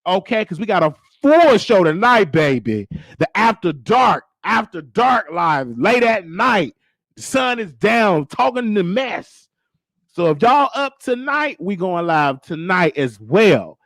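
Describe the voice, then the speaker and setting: Sassy guy comedian chatting to his stream, kinda high voice, dry close sound. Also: big pitch swings, takes it slowly, fairly bright tone, no echo. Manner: sassy, addresses viewers as baby and checks in with okay. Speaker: host and comedian. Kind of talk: casual live-stream talk.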